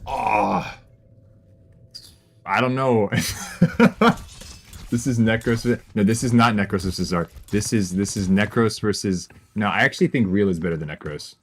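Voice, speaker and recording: A man with a low voice that swings widely in pitch, streaming a game and chatting casually. He jokes with his chat and keeps repeating little reassurances to himself while he plays. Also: animated, measured pace, vocal fry.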